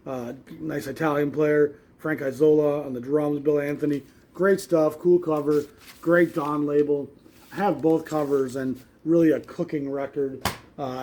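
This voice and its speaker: A man's voice: on the high side, a little mellow. Enthusiastic man rambling about jazz records. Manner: enthusiastic, rambling with fillers and restarts. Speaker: jazz record collector host. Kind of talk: casual record show-and-tell.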